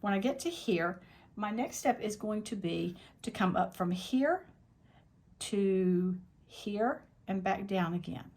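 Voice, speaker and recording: A woman's voice: medium pitch, animated, slow, darkish tone. A woman teaching a quilting tutorial, talking step by step through what she is doing in a plain, practical way, thinking aloud as she goes. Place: quilting workspace at a longarm machine.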